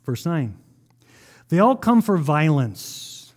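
High-voiced, animated male preacher. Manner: animated, asks the congregation rhetorical questions; reads scripture aloud with emphatic slowing. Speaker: pastor. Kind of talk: sermon.

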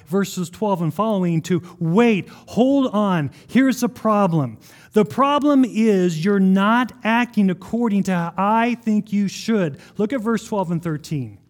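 A male pastor with a fairly high voice delivers a lively sermon. He reads scripture with deliberate emphasis and keeps questioning his listeners. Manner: animated, asks the congregation rhetorical questions.

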